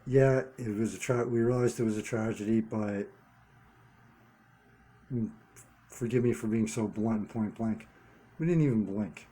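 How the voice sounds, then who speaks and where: A man talking straight to his viewers in an unscripted monologue, earnest and halting, repeating key words for emphasis. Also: lowish voice, mellow. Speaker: vlogger running a one-person channel.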